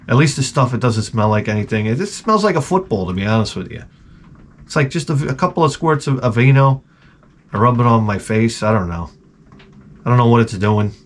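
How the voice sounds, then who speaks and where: A man's voice: fairly low pitch, slight background noise. A middle-aged man hosting his own show, telling a profane, rambling, self-mocking story full of stammered restarts. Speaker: show host. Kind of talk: casual comedic rant.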